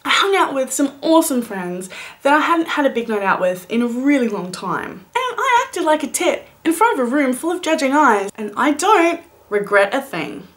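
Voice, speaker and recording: A woman in her late twenties telling a comic story in a vlog, animated and playful, with dramatic whispered asides. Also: high-pitched, moderate pace. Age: late 20s. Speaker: vlogger.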